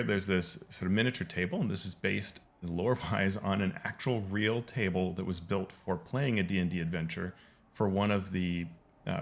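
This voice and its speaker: A man giving casual, rambling commentary over gameplay as he explains game lore, pausing often to restart his sentences. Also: sits low, creaky, fairly bright tone. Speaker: game lore video host.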